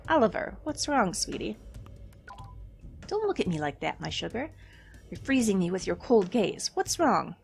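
A woman's voice: medium pitch, sing-song, moderate pace, creaky, pauses often, faint music behind. A woman voicing a sweet-talking female demon servant who coos pet names at her master, in a game read aloud. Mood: coaxing.

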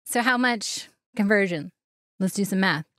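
A woman's voice: medium pitch, measured pace, fairly bright tone, no room sound, studio quality. A woman co-hosting a casual podcast, leading the story from her notes and laughing often. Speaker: podcast co-host.

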